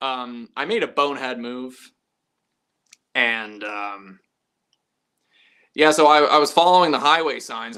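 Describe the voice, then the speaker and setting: A man's voice: medium pitch, sharp tone. A man hosting a live stream, casually telling stories to his chat, swearing freely and acting out both sides of conversations.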